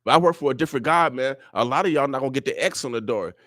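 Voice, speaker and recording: This man races along in a slightly bright, mid-range voice, preaching to his morning radio audience like a sermon and circling back to "oh yeah" again and again. He's from Omaha, Nebraska, USA, speaking in a radio studio with clean sound and no echo.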